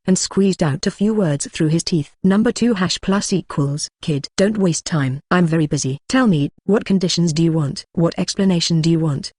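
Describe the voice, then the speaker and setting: A text-to-speech voice narrating a translated web novel in an even, flat delivery, reading punctuation marks and symbols aloud. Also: mid-range voice, no echo, clean studio sound. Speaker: audiobook narrator.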